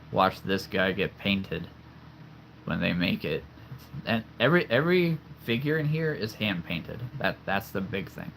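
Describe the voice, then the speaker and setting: A young man from the central United States hosts a casual livestream, chatty and enthusiastic, laughing easily. His voice is low, gravelly and a bit bright, with slight background noise.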